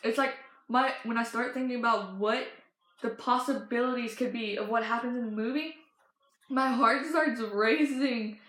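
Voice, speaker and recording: Teen girl fan vlogger, excited gushing chatter, slightly high voice, roomy echo. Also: normal speed. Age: teens. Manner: gushing, breathless storytelling with many fillers and restarts. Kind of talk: excited casual chat.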